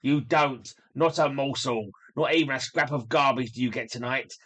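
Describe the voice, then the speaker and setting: A man's voice: medium pitch, moderate pace, fairly bright tone, natural voice. A man voicing a cruel, bossy stepmother with a stern, commanding delivery while reading a comic aloud. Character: harsh stepmother, middle-aged woman, cruel and bossy. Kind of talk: comic book read aloud.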